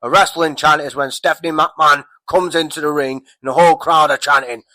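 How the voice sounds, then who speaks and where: A man's voice: fairly high pitch, fairly quick, hardly any pauses, sharp tone, no echo. A man giving a casual, rambling recap of a wrestling show, swearing heavily and getting heated. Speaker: wrestling commentator vlogger.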